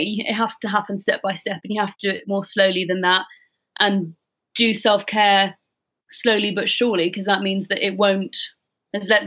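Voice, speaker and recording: A woman's voice: mid-range voice, a bit bright. A young woman as a podcast guest, talking in a reflective, rambling way with casual swearing. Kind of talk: casual chat.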